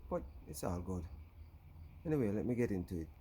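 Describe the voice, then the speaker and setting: A man's voice: fairly low pitch, big pitch swings, fairly quick, warm tone, breathy edge. A man with a Jamaican accent, vlogging a rambling casual story on his channel and filling it with "you know.". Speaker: YouTuber.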